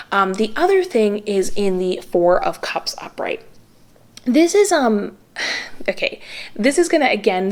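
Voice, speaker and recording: A young woman in the middle of a casual tarot reading, talking earnestly to her viewers. She rambles and hesitates, restarting her sentences and filling the pauses as she searches for words. Her voice sits at an ordinary middle pitch. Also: darkish tone. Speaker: tarot reader.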